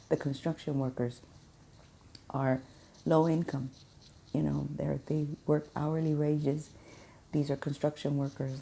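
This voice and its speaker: A woman speaks in a low, very dark voice with a husky, gravelly grain. She tells a casual testimony from her restaurant job, earnest and a little preachy. She circles back on her points to drive them home. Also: a little hiss or hum. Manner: earnest, preachy repetition with laughs. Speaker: restaurant worker sharing a faith story.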